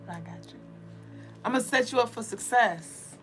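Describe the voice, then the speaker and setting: A woman's voice: on the high side, moderate pace, vocal fry, fairly bright tone, soft background music. A woman co-hosting a spirituality show, speaking in a playful, teasing way. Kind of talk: casual spiritual talk.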